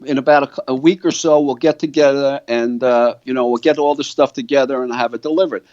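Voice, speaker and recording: An older man who founded a guitar company tells a long story in an interview, animated and acting out what other people said. His mid-range voice moves a little fast, with no room sound and the highs cut off.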